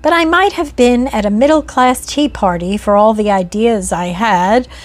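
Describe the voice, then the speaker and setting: Woman reading a ghost story aloud. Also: a little high. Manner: earnest, measured first-person storytelling. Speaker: narrator.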